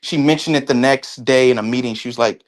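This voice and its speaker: Halting man telling his story. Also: medium pitch. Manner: halting, with many restarts and fillers. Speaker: interview guest. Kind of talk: casual conversational interview.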